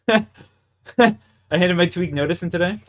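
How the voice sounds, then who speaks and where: A man's voice: high voice, a little slow, slight background noise. A young man from Canada with a Canadian accent, chatting casually in a laid-back, profane, slangy way. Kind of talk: casual chat.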